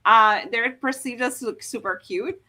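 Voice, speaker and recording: A woman with a bright, fairly high voice talks through a topic on a live stream. She explains in a loose, chatty way and keeps restarting her sentences with fillers. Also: measured pace. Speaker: host explaining Korean dialects. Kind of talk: casual live-stream chat.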